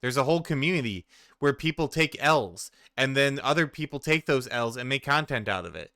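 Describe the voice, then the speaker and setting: A man's voice: mid-range voice, animated, fairly quick, sharp tone, clear, resonant tone, no room sound, studio quality. A man in his forties doing reaction commentary, ranting in exasperation with plenty of profanity. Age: 40s. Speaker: commentary streamer.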